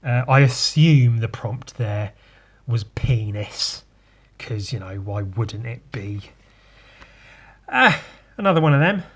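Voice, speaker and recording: A man's voice: medium pitch, expressive, slow, pauses often, breathy edge. A man giving rambling, irreverent commentary on his own sketchbook, swearing freely and mocking himself. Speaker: artist showing his sketchbook. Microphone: podcast mic.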